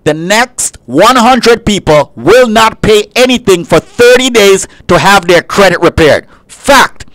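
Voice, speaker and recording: A man with a high, lively voice, swooping up and down as he banters and hammers out a hard-sell pitch. His voice sounds close and dry, with no room around it. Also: a little slow, hardly any pauses, dry recording, rough recording. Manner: punchy salesman pitch, teasing banter. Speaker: radio show co-host. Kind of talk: casual radio talk show chat with pitch reads.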